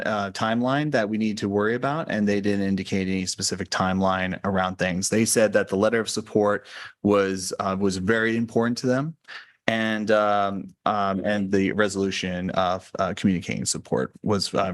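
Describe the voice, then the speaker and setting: Man chairing a board meeting. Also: fairly low pitch. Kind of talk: public meeting discussion.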